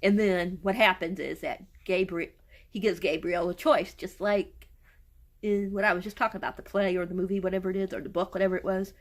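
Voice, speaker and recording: A woman's voice: medium pitch, steady tone, fairly quick. A woman book reviewer reading a novel aloud and retelling it in a casual way, stumbling and restarting over words.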